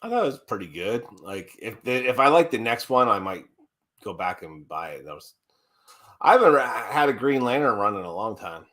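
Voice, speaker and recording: A man with a bright, forceful voice chats on a casual livestream. He is blunt and swears freely, ranting when something annoys him. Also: lowish voice, very animated, normal speed. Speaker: co-host.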